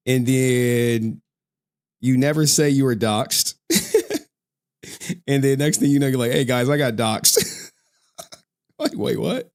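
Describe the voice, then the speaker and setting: A man's voice: mid-range voice, darkish tone. A male streamer in a casual, profane rant to his viewers, slangy and often laughing.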